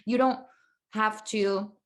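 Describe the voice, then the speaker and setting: A woman's voice: medium pitch, fairly even intonation, slow pace. A woman from California hosting a casual podcast, talking enthusiastically and emphatically and swearing casually. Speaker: podcast host.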